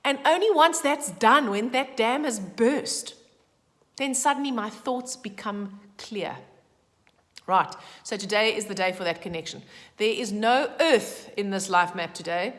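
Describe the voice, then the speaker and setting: Chatty woman in a reverberant room. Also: mid-range voice. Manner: chatty, emphatic, animated with asides. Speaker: numerology vlogger. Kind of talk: casual daily forecast talk.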